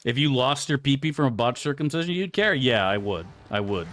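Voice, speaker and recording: A man's voice: medium pitch, expressive, a little fast, fairly bright tone. A man chatting casually on a live game stream, crude and profane, rambling through asides to his chat.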